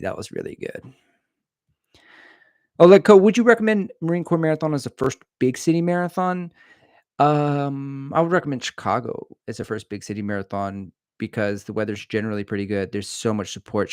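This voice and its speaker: A man's voice: on the low side, no echo, studio quality. A middle-aged man hosting a casual livestream, rambling and joking as he reads viewer comments aloud. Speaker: livestream host answering chat. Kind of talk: casual live-stream chat.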